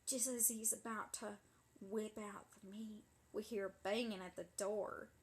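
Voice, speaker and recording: A woman's voice: medium pitch, steady tone, unhurried, slightly rough. A woman playing a sassy, dramatic young woman who tells a wild story in a breathless, indignant, gossipy way, as a comedy monologue. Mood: dramatic gossip.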